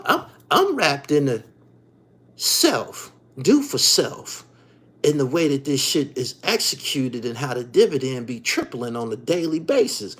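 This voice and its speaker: Husky male host, animated swooping delivery, heated and profane monologue. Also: fairly high pitch. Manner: profane, repetitive, heated, keeps asking "you dig". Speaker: podcast host. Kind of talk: ranting monologue.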